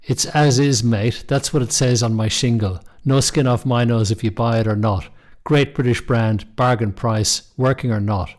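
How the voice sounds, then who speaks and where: A man's voice: mid-range voice, fairly even intonation, moderate pace, darkish tone, lightly acted. A man voicing a brash, rude Cockney market stall holder who talks in cheeky, blunt sales patter, in a storybook reading.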